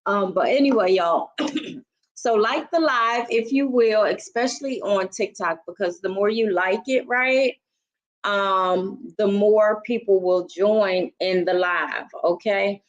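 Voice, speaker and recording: An older woman hosts a casual livestream. She talks slowly and chats to viewers, greeting each by name. Her voice is a little froggy and hoarse, and the lo-fi stream audio sounds dull. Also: medium pitch. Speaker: livestream host.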